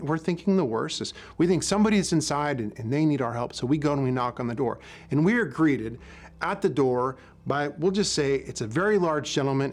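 A man who was once a police officer, giving a sermon in a relaxed, conversational storytelling way, often restarting his words. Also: medium pitch. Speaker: pastor and former police officer.

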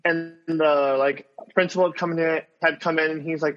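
A man's voice: on the high side, moderate pace, fairly bright tone. A young man rambling through a story on a video call, with constant "like" fillers and restarts. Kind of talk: casual video call chat. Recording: dull lo-fi call audio.

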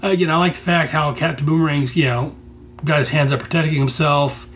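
This American man hosts a podcast where he reviews comics in casual solo commentary. His voice sits on the high side, steady and brisk with a bit of brightness, as he talks through a comic enthusiastically, rambling and restarting a lot.

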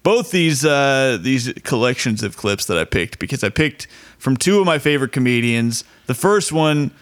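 Man, podcast host, casual chat, playful asides, mid pitch. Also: expressive, moderate pace, fairly bright tone. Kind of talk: casual show hosting.

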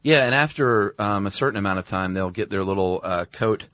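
Man, podcast co-host, low voice, easygoing chatter, dry close mic. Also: fairly quick, a bit bright, no room sound. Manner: easygoing, chatty, with short agreements and fillers. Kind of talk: casual chat.

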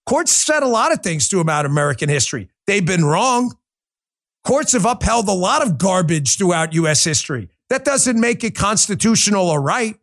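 Combative high-pitched male talk host. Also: sing-song, moderate pace, fairly bright tone. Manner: combative, sarcastic, emphatic; talks straight to listeners, rhetorical questions. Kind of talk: political commentary show.

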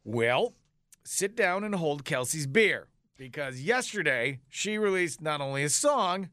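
A man's voice: a little high, animated, measured pace, bright, forceful tone, no room sound, clean studio sound. A man co-hosting a radio show, bantering casually and laughing easily.

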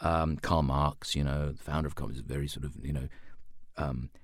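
A man's voice: a bass voice, steady tone, fairly quick, no room sound, clean studio sound. A man who works as an audiobook narrator and voice actor, answering interview questions in a chatty, self-deprecating way. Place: lives in Australia.

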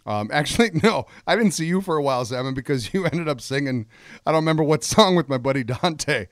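Easygoing man with a lively voice. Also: a little high, fast, dry recording, clean studio sound. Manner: easygoing, laughs often, rambling. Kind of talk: casual storytelling chat.

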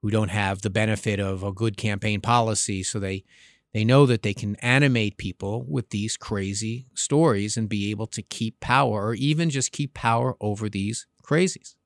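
A man's voice: fairly low pitch, normal speed, no room sound, clean studio sound. A man hosting an opinion podcast, a former congressman, speaking emphatically and asking rhetorical questions. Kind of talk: opinion commentary.

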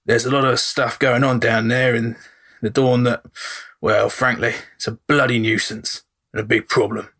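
A man playing a gruff, gravelly leader. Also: medium pitch, little pitch movement, moderate pace, a bit bright. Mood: brusque. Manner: blunt, swears mildly. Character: gruff, harried middle-aged male leader.

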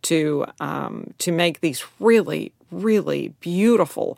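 A woman co-hosting a casual chat, explaining wines with animation and letting her phrases trail off softly. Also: low-pitched, slow pace, creaky, no echo, studio quality. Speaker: co-host, wine expert. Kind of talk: casual chat about wine.

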